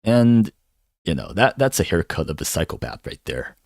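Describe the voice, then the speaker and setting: Male commentator with a low voice and lively pitch swings. Unhurried and rambling, recorded dry. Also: no echo. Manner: rambling, hums filler syllables while thinking. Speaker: manga commentator. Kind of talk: casual solo chapter breakdown.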